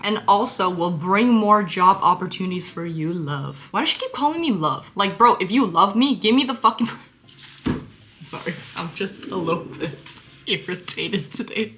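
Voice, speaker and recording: A young woman in her twenties telling a casual storytime vlog, animated and exasperated, swearing often and dropping into whispered asides. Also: mid-range voice, normal speed.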